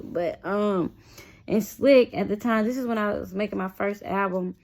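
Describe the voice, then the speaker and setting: A woman's voice: mid-range voice, brisk, gravelly. A young adult woman telling a personal story in a casual, chatty vlog, often addressing her viewers directly. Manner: chatty, animated, keeps addressing viewers as "y'all".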